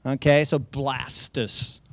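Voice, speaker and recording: A man's voice: medium pitch, level tone, slow, creaky, no echo. A man teaching a Bible passage as a sermon, in a conversational way with many fillers, restarts and jokey asides.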